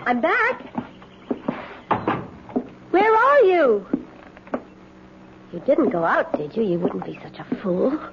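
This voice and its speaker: A woman's voice: on the high side, huge pitch swings, slow, pauses often, heavily acted. An actress playing a brazen young woman who moves into people's houses, taunting and sing-song, in 1970s radio drama style, on a dull, hissy old broadcast recording. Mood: cheerful. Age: young adult. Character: brazen young woman squatter, mocking and menacing.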